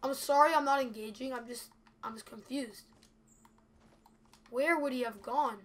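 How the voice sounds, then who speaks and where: A young woman with a high voice gives live gameplay commentary at a normal speed. As a gameplay video creator, she's chatty and anxious and talks directly to her viewers.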